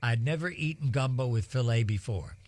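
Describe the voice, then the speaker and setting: Older folksy broadcaster, dry sound. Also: male voice, mid-range voice, fairly quick, a little mellow, no echo. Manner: rambling, many ums and uhs, folksy. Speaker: broadcast weather host. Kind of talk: live storm coverage, storytelling.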